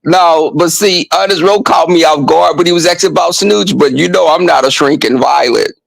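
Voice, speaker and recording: A man vlogging a casual story monologue, animated and profane, breaking off now and then to scold his dog. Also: fairly high pitch, normal speed, gravelly, dry recording, rough recording.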